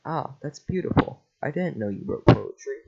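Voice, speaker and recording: A man voicing an excitable male talking donkey in a casual script reading, chatty and quick to panic. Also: mid-range voice, vocal fry, slightly rough. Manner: jittery, chatty, yelps in panic. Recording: lo-fi home mic.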